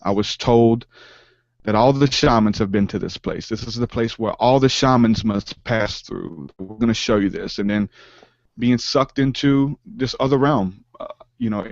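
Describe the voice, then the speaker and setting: A man telling a personal spiritual story in an interview, earnest and halting, with many fillers and restarts. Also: on the low side, no room sound, lo-fi sound. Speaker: podcast guest, rapper.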